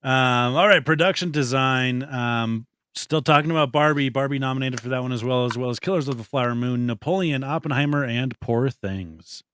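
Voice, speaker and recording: A man hosts a casual movie podcast, leading the segment and reading out the nominees. His medium-pitched voice is smooth and fairly bright, moving at a normal speed with hardly any pauses and no echo.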